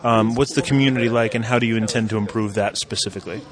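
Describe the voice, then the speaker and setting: A man's voice: on the low side, steady tone, fast, crowd noise. A man interviewing people casually, chatty and full of fillers and restarts.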